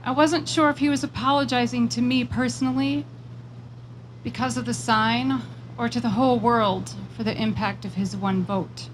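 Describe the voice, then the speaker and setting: A woman's voice: fairly high pitch, steady tone, slight background noise, poor audio. Emphatic woman delivering a rally speech. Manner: measured, emphatic, slows on repeated phrases; personal storytelling. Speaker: rally speaker. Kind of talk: prepared political speech.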